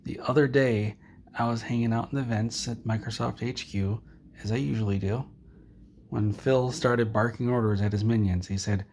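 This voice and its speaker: A man vlogger telling a rambling comic tall tale to the camera in a deadpan way, with a gravelly voice. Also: lowish voice, normal speed, slight background noise.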